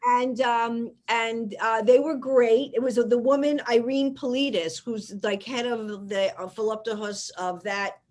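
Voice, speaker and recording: A talkative woman host from New York, pitched a little high, chatting loosely and breaking into laughter. She rambles through her points in a relaxed interview. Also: a little slow, hardly any pauses. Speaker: podcast host. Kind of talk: casual interview chat.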